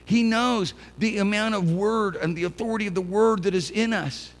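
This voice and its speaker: A man preaching a sermon in church, swinging from quiet conversational asides to loud, impassioned bursts with folksy turns of phrase. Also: high-pitched, moderate pace. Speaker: pastor. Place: church sanctuary.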